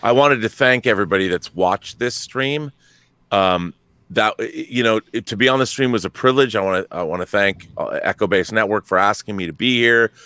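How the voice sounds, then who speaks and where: A man, a filmmaker guest on a livestream panel, talking in an effusive, thankful way with halting restarts. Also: lowish voice, pushed and bright, clean tone, dry recording. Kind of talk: casual panel chat on a livestream.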